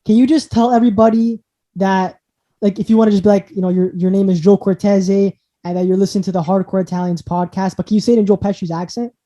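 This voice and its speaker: A man's voice: high voice, fairly even intonation, quick pace, mellow, highs cut off. A man hosting a podcast, enthusiastic and rambling, repeating himself as he chats. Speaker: podcast host. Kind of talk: casual interview chat.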